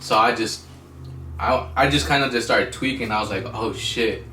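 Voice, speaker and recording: A man's voice: mid-range voice, moderate pace, bright, forceful tone, a little hiss or hum. A young man telling a story in casual chat, laid-back and hesitant, with ums. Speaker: co-host. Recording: roomy echo, mic at a distance.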